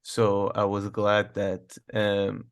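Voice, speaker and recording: A man co-hosting a casual political podcast, relaxed and chatty, laughing often. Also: fairly low pitch, slow pace, clean tone. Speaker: podcast co-host.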